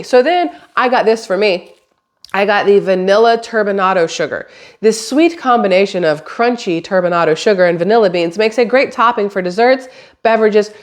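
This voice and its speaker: A woman, a mother, chatting casually to camera as a vlogger, rambling and swearing lightly. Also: medium pitch. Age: adult, has a daughter.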